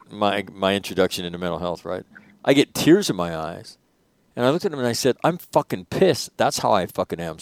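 Deep-voiced man telling a war story. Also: clear, resonant tone, no echo. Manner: profane, halting restarts, voice rising when angry. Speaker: host, former Marine battalion commander. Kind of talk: candid storytelling in a panel conversation.

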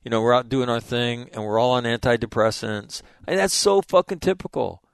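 A man hosting a casual conversation, telling stories in an animated, profane way. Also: medium pitch, a little fast, creaky, clear, resonant tone, no echo, clean studio sound.

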